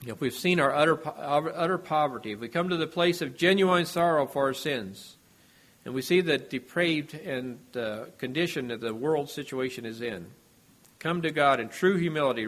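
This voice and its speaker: A man preaching a sermon in a measured, earnest way, his voice dropping softly at the ends of phrases. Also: mid-range voice.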